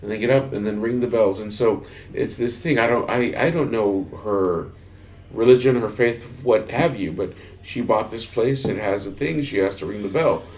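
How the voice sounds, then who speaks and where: A man from Texas co-hosting a podcast, talking casually and haltingly, with frequent restarts and laughs as he tells stories. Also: on the low side, darkish tone. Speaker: podcast co-host. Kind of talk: casual chat.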